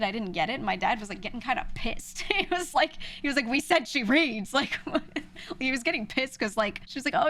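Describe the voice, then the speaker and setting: A woman streamer in casual chat, telling animated stories with frequent laughs and lots of filler words. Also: fairly high pitch. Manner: animated storytelling, laughs often; chatty, many "like" fillers.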